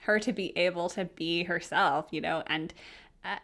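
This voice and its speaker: A young woman hosting a casual anime review vlog, bubbly and giggly, rambling excitedly with lots of fillers. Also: on the low side, normal speed.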